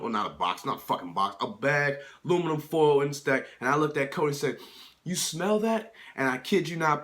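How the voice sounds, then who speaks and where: Bright-voiced man ranting profanely. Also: fairly high pitch. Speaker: film reviewer. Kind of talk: casual ranting review.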